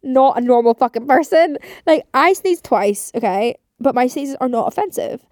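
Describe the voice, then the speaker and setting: A woman's voice: sits high, animated, moderate pace, a little mellow, dry recording, studio quality. A woman in her twenties hosting a casual solo podcast, rambling and chatty, swearing often and saying "like" constantly. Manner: rambling, chatty, swears a lot, heavy use of like. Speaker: podcast host.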